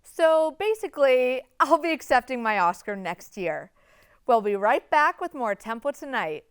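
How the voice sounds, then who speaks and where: A woman in her twenties hosting a student TV show, delivering a scripted comedic monologue with deadpan sarcasm. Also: sits high, normal speed, clean tone. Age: 20s.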